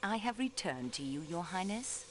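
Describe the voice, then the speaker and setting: A polite young female detective, measured and courteous in her questioning. Her pitch moves lively up and down. A faint hum sits in the background. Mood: inquiring.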